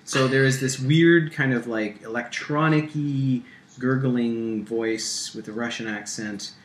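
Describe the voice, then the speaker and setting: A man narrating as game master in a tabletop game, halting with many ums and restarts. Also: mid-range voice, fairly even intonation. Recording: echoey room with faint hiss.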